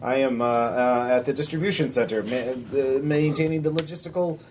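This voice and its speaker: A man's voice: medium pitch, darkish tone, a little hiss or hum, lightly acted. A man doing a fussy, condescending cyborg tech priest. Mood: flustered. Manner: halting, rambling, many filler sounds. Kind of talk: tabletop game character voice.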